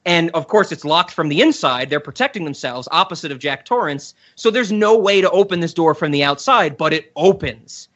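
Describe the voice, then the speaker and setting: A man's voice: a little high, expressive, normal speed, hardly any pauses, a bit bright. A man hosting a casual podcast, enthusiastically retelling a cartoon scene in a rambling way. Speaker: podcast host. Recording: dull lo-fi sound.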